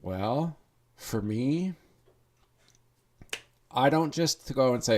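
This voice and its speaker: A man's voice: medium pitch, takes it slowly, long pauses. A man hosting a podcast, talking in an earnest, rambling monologue full of restarts. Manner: earnest, rambling, with restarts and acted inner thoughts. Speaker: podcast host. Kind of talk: casual monologue.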